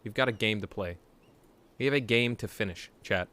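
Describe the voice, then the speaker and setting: A young adult man streaming a game, chatting playfully with his viewers and breaking into sudden loud shouts. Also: fairly low pitch, normal speed. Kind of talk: casual live-stream chat.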